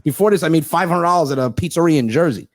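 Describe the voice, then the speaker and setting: Animated young comedian, profane and dry-miked. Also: male voice, a little high, very fast, no room sound. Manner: animated, profane, acts out other people's lines. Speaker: guest comedian. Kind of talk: casual storytelling chat.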